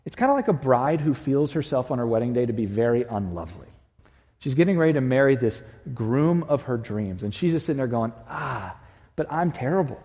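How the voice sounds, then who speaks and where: Man pastor preaching, earnest, goes loud then hushed, mellow voice, long church hall echo. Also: mid-range voice, animated, brisk. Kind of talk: sermon. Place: church sanctuary.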